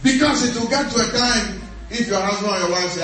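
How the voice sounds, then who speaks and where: A man's voice: sits high, very animated, fairly quick, a bit bright. A man preaching a sermon in a church, emphatic, repeating short phrases and laughing often. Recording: echoey church hall, mic at a distance.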